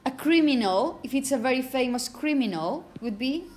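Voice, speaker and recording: A woman teaching phonetics to a class, saying example words slowly and often asking "okay?". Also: high-pitched, lively intonation, darkish tone. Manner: repeats words slowly to model pronunciation; asks "okay?" often to check understanding. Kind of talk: classroom lecture.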